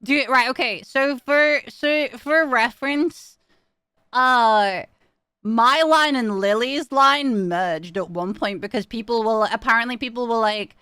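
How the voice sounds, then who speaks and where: A young woman chats with her stream in a bright, smooth voice that sits a little high. Her talk is loose and giggly, with casual swearing and frequent asides to chat. The sound is close and dry, with no room around it. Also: measured pace, no room sound.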